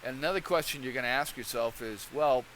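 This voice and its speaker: Rambling guy doing casual commentary, bright tense tone, keeps saying okay, little bit of background hiss. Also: mid-range voice, fast talker, low-quality recording. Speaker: channel host.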